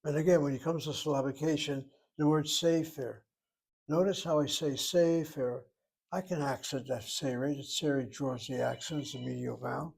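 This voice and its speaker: A man teaching a relaxed class lesson, explaining grammar step by step and thinking aloud as he goes. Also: fairly high pitch, normal speed, creaky, a little hiss or hum, low-quality recording. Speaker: Hebrew teacher. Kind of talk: informal recorded class lesson.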